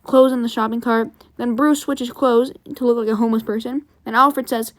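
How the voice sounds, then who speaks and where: A woman with a fairly high voice, chatting through a comic book story as she retells it scene by scene. Her delivery is casual and animated. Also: moderate pace, few pauses.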